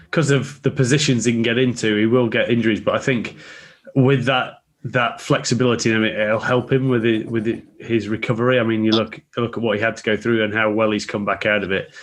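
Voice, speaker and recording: A man co-hosting a casual podcast, telling stories with lively, loud acted-out quotes. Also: medium pitch, brisk. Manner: lively storyteller, acts out quotes loudly. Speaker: podcast co-host.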